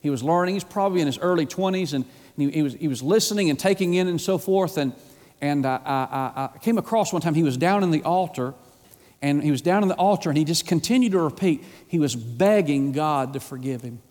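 A man with a high-pitched voice preaches a fervent sermon, rising to ringing emphasis and dropping to near-whispers. The sound carries a long, lingering reverb from a big church hall. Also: a little fast. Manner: impassioned preaching that swings from loud to hushed. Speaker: pastor.

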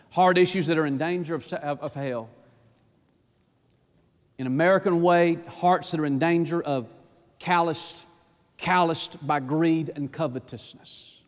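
A pastor preaching a folksy sermon that rises to shouting on its key points. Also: male voice, a little high. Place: church sanctuary. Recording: long church reverb.

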